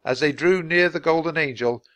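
A man reading a children's adventure book aloud, clear and steady for language learners. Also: fairly high pitch, moderate pace, no echo. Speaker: storybook reader.

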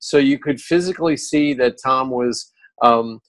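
A man co-hosting a radio talk show, telling animated stories and laughing often. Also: mid-range voice, unhurried, poor audio. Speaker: radio co-host. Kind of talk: tribute storytelling on a talk show.

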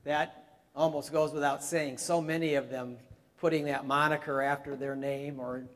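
A man's voice: fairly high pitch, little pitch movement, normal speed, a bit bright. A man preaching a sermon, talking conversationally and rising to emphatic peaks. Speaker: pastor. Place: church sanctuary. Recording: long hall reverb in a church.

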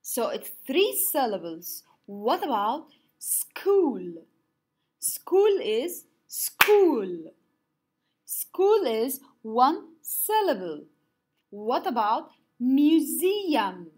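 Woman teacher, slow and husky, lively pitch, drawing out words in a lesson. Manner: slow, drawn-out words for clapping syllables; some slips and restarts. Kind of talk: online class lesson.

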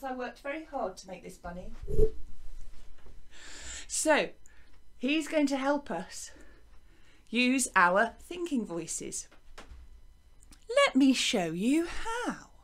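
Bright, lively woman teaching little ones. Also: a little high. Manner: lively, encouraging, sing-song teacher voice. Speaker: primary school teacher. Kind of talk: recorded music lesson for young children.

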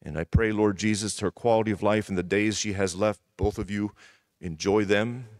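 A middle-aged male pastor giving a sermon in church, emphatic and repeating key phrases, sometimes dropping to a hushed voice. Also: fairly low pitch, fairly even intonation, normal speed, no echo.

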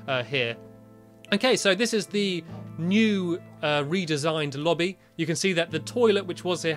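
A young British man, a gaming YouTuber, chats casually while commentating his own gameplay in a voice that is on the high side and a bit bright. He is chatty, rambling and friendly, and he shrieks when scared.

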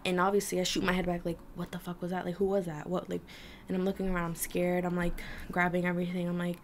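Gravelly young woman telling a scary story. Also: fairly low pitch, monotone, quick pace, a little hiss or hum. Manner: tense, emotional, drops to whispers. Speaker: vlogger. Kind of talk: casual storytelling to camera. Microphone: camera mic.

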